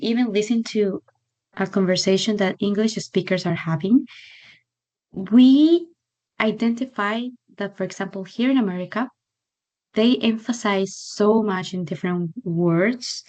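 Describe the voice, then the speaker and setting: A young woman whose first language is Spanish, chatting and laughing as she tutors English online. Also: medium pitch. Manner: chatty, laughs often, fillers like "like" and "so". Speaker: English teacher.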